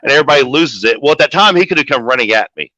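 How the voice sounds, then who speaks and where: A man with a bright, forceful voice tells a long, profanity-laced story about a backstage fight. He plays every quote with gusto, and he sounds like the manager he says he is. The recording is dry and a bit dull. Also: medium pitch, lively intonation, racing, no echo. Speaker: wrestling manager guest. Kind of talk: casual storytelling interview.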